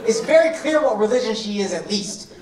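A man's voice: sits high, lively intonation, a little fast. Brash, profane man doing crowd work. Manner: brash, profane, teasing the audience. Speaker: stand-up comedian. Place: comedy club stage. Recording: echoey club from a distance, loud crowd. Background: crowd laughter.

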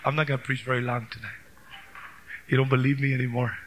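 A male pastor preaching a bilingual sermon, switching between English and Spanish and building to shouted praise, on an old cassette tape recording. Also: medium pitch, flat delivery, fast talker, a little hiss or hum. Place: church youth camp service.

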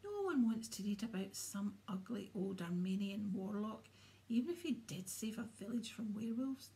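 A woman voicing a vain, smooth-talking male wizard teacher in a storybook reading, pompous and condescending. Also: mid-range voice, lively intonation, normal speed, dark tone, natural voice. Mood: smug.

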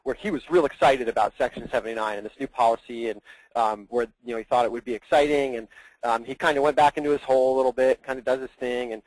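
A man's voice: mid-range voice, fairly even intonation, quick pace, darkish tone, no room sound, poor audio. A man acting as plan administrator guest on a training call, explaining earnestly and at length, often repeating his words.

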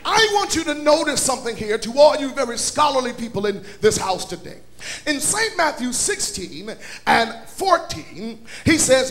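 A man, a bishop, preaching a sermon at a church conference in a chanting, shouted cadence that drops to quiet teaching. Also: very high voice, big pitch swings, moderate pace. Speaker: bishop and pastor. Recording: live church recording with faint music and crowd.

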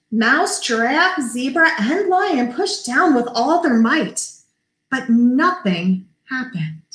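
A librarian reading a picture book aloud to children with lively character voices, stopping to chat with her listeners. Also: high voice. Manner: animated, does character voices, pauses to talk to kids. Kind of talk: storybook read-aloud. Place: library room. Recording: echoey room.

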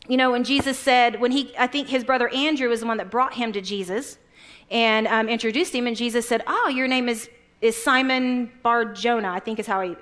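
Woman preacher, conversational sermon, fairly high voice, animated storytelling with quoted voices. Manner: chatty, retells Bible stories with quoted voices.

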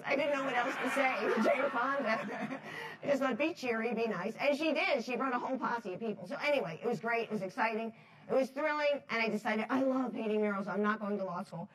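A woman from New Jersey giving a talk to an audience, telling stories in a lively, chatty way, laughing often and acting out the voices she quotes. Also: a little high, brisk, rough recording. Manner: chatty, many fillers like "like". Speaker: speaker at a foundation talk series.

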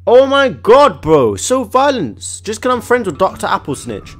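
A young man giving excitable, slangy commentary on a video game, often yelping and laughing. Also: sits high, moderate pace. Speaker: gaming YouTuber. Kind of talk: gaming commentary.

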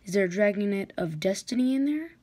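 A woman's voice: medium pitch, animated, fast, a little mellow, slightly rough. A woman reading aloud and voicing a cruel, mocking female dragon warlord in a storybook reading, with a taunting, sneering manner.

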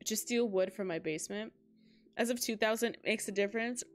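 A woman's voice: medium pitch, fairly quick, soft background music. A woman of twenty-five hosting a casual gaming livestream, chatty and giggly as she talks straight to her chat on a close mic. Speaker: livestream host.

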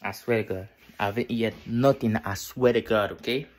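A tired young man vlogging from his bedroom at night, keeping his voice low and repeating himself. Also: a little fast. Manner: tired, quiet near-whisper, repetitive. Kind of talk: casual vlog talk to camera.

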